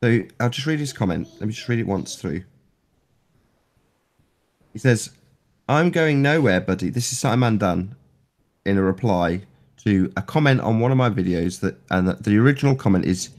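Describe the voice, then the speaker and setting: A man's voice: fairly low pitch, animated, moderate pace. A man hosting a casual chat, mocking and sarcastic, often laughing and acting out quotes he reads. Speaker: host of a chat stream.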